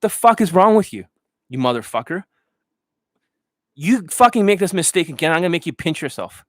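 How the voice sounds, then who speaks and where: A man's voice: on the high side, big pitch swings, brisk, no room sound, clean studio sound, voice pushed up. A man doing an impression of a furious male dating coach who swears and insults his students. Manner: yelling, profane, insulting.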